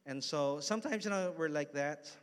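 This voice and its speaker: Speaking at normal speed in a slightly high, clean voice, a pastor in his thirties delivers a sermon in a church hall. It's casual and story-driven, chatty and full of asides to the listeners in the congregation.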